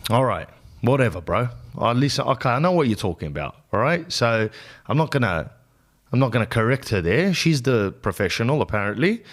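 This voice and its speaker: A man, hosting a podcast and telling a comic story in an animated, rambling, exaggerated way. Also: mid-range voice, fairly quick. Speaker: podcast host. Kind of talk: comedic storytelling.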